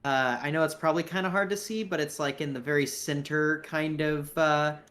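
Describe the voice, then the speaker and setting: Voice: medium pitch, fairly even intonation, fairly quick, a bit bright. A game master casually narrating a tabletop game, hesitant and full of fillers.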